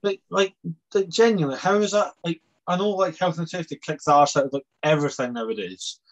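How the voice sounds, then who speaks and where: High-voiced rambling podcast guy. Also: fast talker, highs cut off. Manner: rambling, heavy use of "like". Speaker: podcast co-host. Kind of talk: casual chat.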